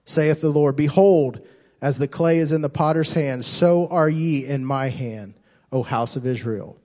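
Preaching as pastor, this man's fairly high voice moves a little slowly through an impassioned sermon. He repeats and restarts phrases, swinging between loud and soft.

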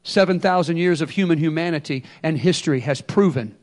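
High-voiced preacher. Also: male voice, brisk, a little mellow. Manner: emphatic, call-and-response. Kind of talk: sermon.

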